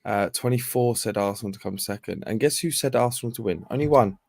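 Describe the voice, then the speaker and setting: Man, low pitch, dry sound, podcast guest, hesitant, many ums. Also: fast, vocal fry, darkish tone, dry recording. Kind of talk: casual football podcast chat.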